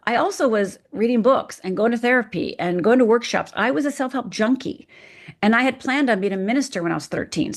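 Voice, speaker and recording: A middle-aged woman from Upper Michigan, a podcast guest, telling her personal story frankly and vividly. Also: mid-range voice. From Upper Michigan, USA. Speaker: guest, fear expert.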